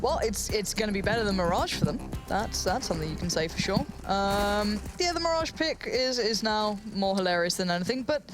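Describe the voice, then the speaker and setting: A woman's voice: mid-range voice, animated, a little fast, hardly any pauses, music in the background. A woman casting esports in an upbeat, wry way. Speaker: caster. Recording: noisy studio mic.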